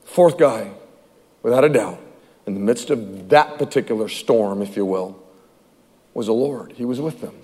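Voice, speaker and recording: A male pastor preaching a sermon in an animated way, acting out scripture voices and dropping from loud to hushed. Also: lowish voice, moderate pace, pauses often, slightly rough, big-room sound.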